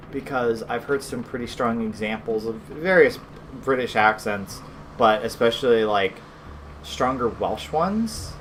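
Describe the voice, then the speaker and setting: Offhand swearing young man playing a game. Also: mid-range voice. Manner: offhand, joking, swears casually. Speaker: let's play host. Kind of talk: casual gameplay commentary.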